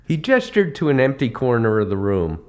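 A man hosting a podcast tells comic travel stories in a wry, punchline-driven style. His mid-range voice has a sing-song lilt, and he talks at a normal speed.

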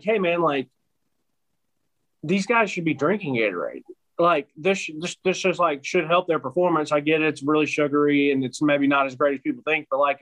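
A man's voice: a little high, fairly bright tone, low-quality recording. A young man co-hosting a casual chat, rambling and filling his speech with "like". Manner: rambling, heavy use of "like".

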